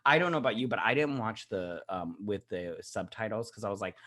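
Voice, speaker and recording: A man co-hosting a casual movie review podcast, talking in a campy, sassy way and doing quick voices for characters. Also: lowish voice, a bit bright. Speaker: podcast co-host.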